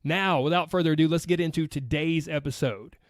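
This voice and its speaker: A man's voice: a little high, a little fast, no room sound, clean studio sound. A man with a Southern US accent hosting a weight loss podcast, chatting casually and reading listener posts aloud with a friendly laugh.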